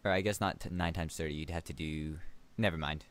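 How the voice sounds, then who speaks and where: A man's voice: rumbling low, steady tone, fairly quick, a bit bright. A young man co-hosting a podcast, dropping short dry quips in casual chat. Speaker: podcast co-host.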